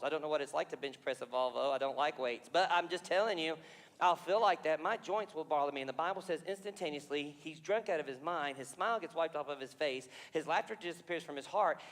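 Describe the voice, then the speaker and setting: A pastor with a high, bright voice animatedly retells scripture in a sermon, breaking into the story with personal confessions and questions to the congregation. His words ring through a large sanctuary with long reverb.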